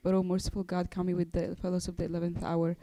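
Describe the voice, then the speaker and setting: Reader reciting penitential prayers, fast and monotone, dark mellow tone. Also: medium pitch, no echo, rough recording. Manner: quick, monotone reading with small stumbles.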